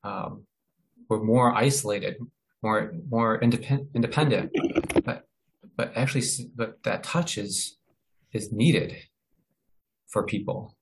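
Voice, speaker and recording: A man presenting in a webinar, explaining ideas in a halting way with many fillers and restarts. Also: lowish voice, gravelly, low-quality recording. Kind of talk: informal educational talk.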